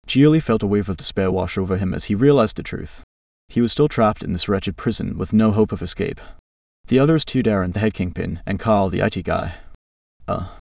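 Gravelly man reading a fantasy tale. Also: lowish voice, a little mellow, dry recording, clean studio sound, recorded from a distance. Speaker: storyteller. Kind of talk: reading a fantasy story aloud.

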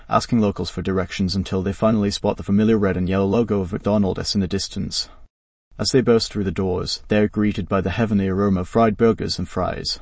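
A man narrating a scripted story in a flat, even read. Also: low-pitched, vocal fry, slightly rough, dry recording, distant mic.

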